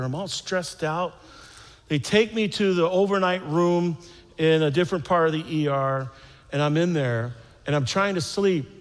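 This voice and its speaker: A fairly high-pitched American man tells a story on stage in a rambling, self-mocking way, repeating his phrases and mimicking the sounds. His voice carries a long reverb from the venue. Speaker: stand-up comedian. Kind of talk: stand-up storytelling.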